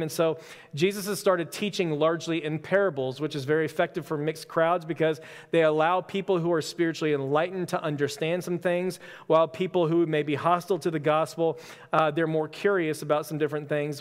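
A man, a pastor, giving a relaxed, conversational sermon with self-deprecating stories. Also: a little high. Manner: casual, storytelling, self-deprecating humor. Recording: long hall reverb.

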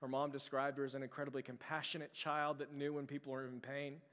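A man's voice: medium pitch, little pitch movement, fast, a bit bright. A pastor preaching a sermon to his church in a conversational, earnest way, with frequent fillers and restarts. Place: church sanctuary. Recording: long hall reverb.

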